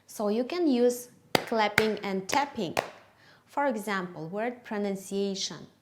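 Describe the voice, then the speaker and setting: A Kyrgyz-accented woman presents a methodology lesson for English teachers. She talks slowly and deliberately, at a middle pitch, and draws words out to show where the stress falls. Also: background noise. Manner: slow, careful classroom delivery, stretching words to show stress. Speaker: teacher trainer.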